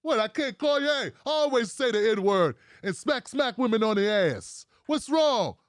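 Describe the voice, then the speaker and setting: A man's voice: very high voice, sing-song, moderate pace, dry recording, studio quality. Man doing a crude old-school boss. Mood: mock-innocent. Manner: mock-innocent, repeating "what's wrong".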